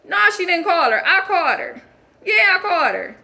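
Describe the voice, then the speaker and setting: A woman's voice: extremely high pitch, big pitch swings, moderate pace, vocal fry, bright, forceful tone, a little hiss or hum, full character voice. Woman playing a defiant, foul-mouthed young foster girl. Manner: confrontational, rambling, profane rant. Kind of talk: character monologue.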